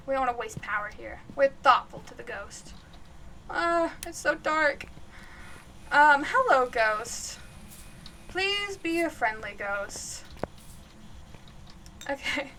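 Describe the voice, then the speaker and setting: Bright high-voiced woman streamer. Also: a little hiss or hum. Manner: chatty, jumpy, laughs often, calls out loudly to the ghost. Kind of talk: live game commentary.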